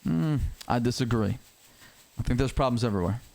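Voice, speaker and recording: Man, roleplay character, heated back-and-forth, rapid insistent delivery, middle pitch. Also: vocal fry, a little mellow. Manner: rapid, insistent, repeats words when pushed. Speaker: roleplay character in a city life game.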